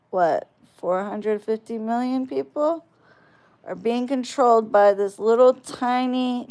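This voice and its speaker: A woman's voice: mid-range voice, a little mellow, clean tone. A woman ranting on her video channel in a profane, combative, mocking way. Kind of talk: ranting vlog.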